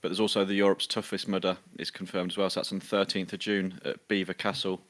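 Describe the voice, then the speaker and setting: A man from the UK co-hosting a podcast, reading a news roundup in a steady, matter-of-fact way with many ums. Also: low voice, fast talker. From United Kingdom. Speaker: podcast co-host.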